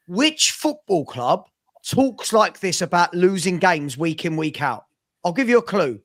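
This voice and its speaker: A man's voice: high voice, sing-song, normal speed, a bit bright. A man co-hosting a casual football fan podcast, talking in an exasperated way with rhetorical questions. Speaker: podcast co-host.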